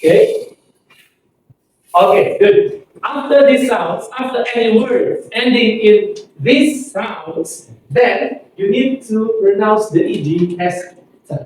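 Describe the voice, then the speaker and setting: A man with an Indonesian accent, teaching an English pronunciation lesson and repeating words slowly for students to copy. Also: high-pitched, expressive, darkish tone. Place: classroom. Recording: echoey room, far from the mic.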